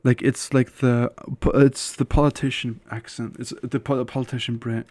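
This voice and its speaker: A man's voice: mid-range voice, little pitch movement, moderate pace, darkish tone. A man streaming live while he plays a game, chatting with viewers in a loose, rambling way full of "like" fillers and blunt opinions. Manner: opinionated and candid. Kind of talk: casual live-stream chat while gaming.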